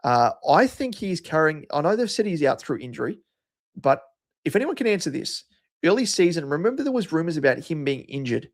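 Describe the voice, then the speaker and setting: A man's voice: a little high, big pitch swings, brisk. A man with an Australian accent hosting a live stream, chatting casually and answering viewers' comments by name. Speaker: livestream host.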